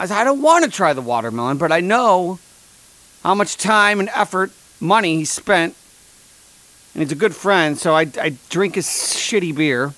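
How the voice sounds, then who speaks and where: A man with a fairly high voice delivers a comedic monologue. He rants in a dry, sarcastic, deadpan way and slips into mock sponsor reads. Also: moderate pace. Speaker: podcast host.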